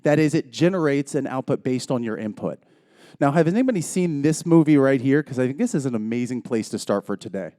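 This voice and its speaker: A man's voice: medium pitch, animated, fairly quick, mellow, dry recording. Joking man giving a keynote, dry sound. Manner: joking, conversational storyteller. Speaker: keynote speaker. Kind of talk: conference keynote talk.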